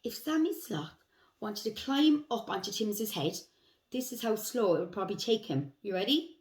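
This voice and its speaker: A woman leading a circle time lesson for young children, talking in an animated, sing-song way. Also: mid-range voice, moderate pace. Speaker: preschool teacher.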